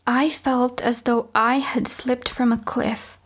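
A woman reading a novel aloud as an audiobook, in measured first-person storytelling. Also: fairly high pitch, level tone, husky. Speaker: audiobook reader. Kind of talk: audiobook narration.

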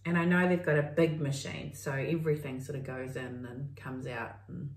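This middle-aged New Zealand woman co-hosts a crafting podcast, meandering and thinking aloud in casual crafting chat. Her bass voice moves little in pitch at a moderate pace. The recording sounds roomy, with the mic at a distance.

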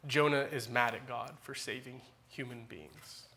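A man in his forties, a pastor preaching a church sermon with animated, dramatic emphasis that swings between loud peaks and quiet asides. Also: mid-range voice, measured pace.

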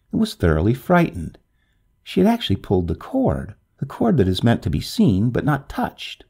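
Gravelly, expressive male storyteller. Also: mid-range voice. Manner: expressive, swooping delivery. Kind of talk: dramatic storybook narration.

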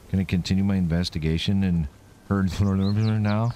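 A man's voice: sits low, fairly even intonation, moderate pace, warm tone, slight background noise. A man streaming a game, joking crudely and mocking the characters' dialogue as he plays. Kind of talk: casual gameplay commentary.

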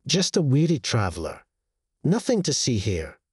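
A man voicing a sly old woman of the woods with a croaking, cackling voice and an ominous, secretive manner. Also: medium pitch, huge pitch swings, normal speed, darkish tone, dry recording, studio quality, heavily acted. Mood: fearful.

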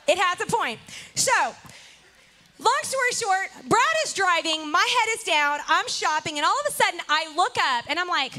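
A woman pastor telling a story in a sermon, animated and playful with her congregation. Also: very high-pitched, moderate pace. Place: church service.

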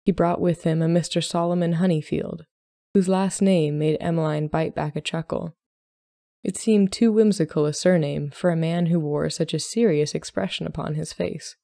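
A woman podcast host narrating a short story in a calm, measured way. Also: deep voice, gravelly, no echo, clean studio sound. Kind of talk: scripted narration.

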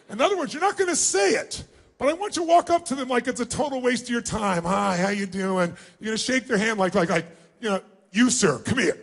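Male motivational speaker, very high-pitched, energetic and commanding, working a large hall crowd. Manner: energetic, commanding, calls for audience responses. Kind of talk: live seminar instructing a large audience. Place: large hall before seven thousand people.

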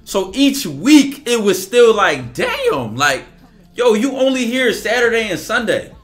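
A man's voice: high voice, huge pitch swings, unhurried, soft background music. A man talking casually and emphatically on a livestream, acting out bits of dialogue as he goes. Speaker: streamer. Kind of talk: livestream monologue.

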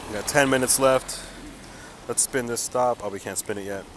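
Out on a city street, a young streamer plays a mobile game live, chatting to viewers at a moderate pace in a medium-pitched, slightly bright voice. He's hyped and slangy and calls everyone dude and man, with slight background noise.

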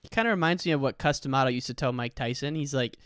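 Male podcast host, easygoing, mid-pitched, smooth clear voice, dry close mic. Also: fast, a bit bright, no echo. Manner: laid-back, calls the guest "dude". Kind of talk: casual interview chat.

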